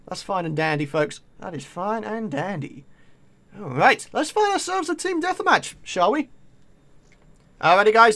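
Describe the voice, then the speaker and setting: A man with a British accent commentating live on his own gameplay, excitable and taunting his opponents. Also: sits high. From Britain. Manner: excitable, talks to opponents and viewers. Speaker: gaming video creator.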